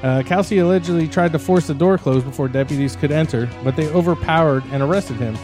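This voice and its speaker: A man's voice: on the high side, fast, darkish tone, soft background music. A man from New Jersey, a comedy podcast co-host, reading a news story aloud with stumbles and jokes. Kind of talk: casual comedy podcast banter.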